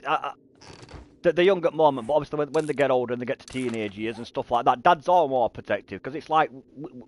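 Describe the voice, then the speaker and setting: Rambling dad with a lively voice. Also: male voice, on the high side. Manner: rambling storyteller who stammers and repeats words; swears freely and laughs at his own stories. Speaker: streamer. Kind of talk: casual chat while gaming.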